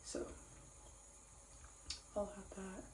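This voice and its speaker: A woman's voice: drawn-out words, background noise. A woman chatting casually to camera in a vlog, rambling and repeating herself. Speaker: vlogger. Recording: roomy echo with faint ambience.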